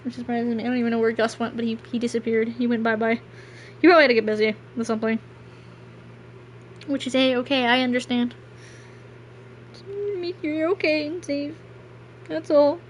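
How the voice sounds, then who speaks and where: A woman's voice: fairly high pitch, steady tone, quick pace, a little hiss or hum. A woman streaming a game and chatting casually as the credits roll, rambling and self-deprecating. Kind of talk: casual gameplay stream chat.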